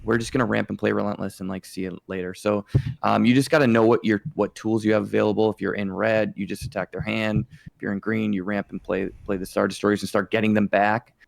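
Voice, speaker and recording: Gravelly low-voiced man, rambling chat. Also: level tone, quick pace, no room sound. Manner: rambling, many fillers. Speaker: podcast co-host. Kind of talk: casual chat.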